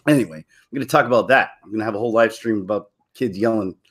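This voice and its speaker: A man's voice: on the low side, quick pace, fairly bright tone, slightly rough. A man hosting a casual live stream, rambling and joking with frequent laughs. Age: middle-aged. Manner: rambling, jokey, laughs often. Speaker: channel host.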